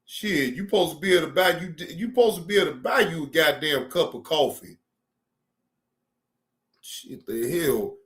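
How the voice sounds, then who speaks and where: Profane, animated man ranting on stream. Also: fairly high pitch, fast, hardly any pauses. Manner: animated, profane, repeats himself for emphasis. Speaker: streamer reacting to news. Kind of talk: casual profane rant.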